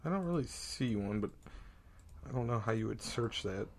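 A man's voice: on the low side, moderate pace. A man in his thirties from Ohio, co-hosting a casual chat and telling stories with lots of animation. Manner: animated storyteller, often laughing. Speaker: podcast co-host. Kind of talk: casual chat over beers.

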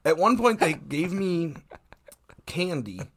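A man's voice: fairly high pitch, very animated, slow, fairly bright tone, slightly rough. A man with a lisp, co-hosting a podcast in casual, rambling banter and laughing often. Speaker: podcast co-host.

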